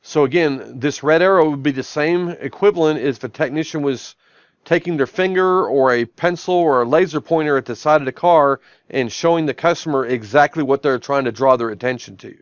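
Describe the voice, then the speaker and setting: A man's voice: fairly high pitch, fairly quick, dry recording, highs cut off. Man walking through a demo, step by step. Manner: step-by-step, repeats "I'm gonna" before each action. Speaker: software trainer. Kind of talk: live-stream product demo. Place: office.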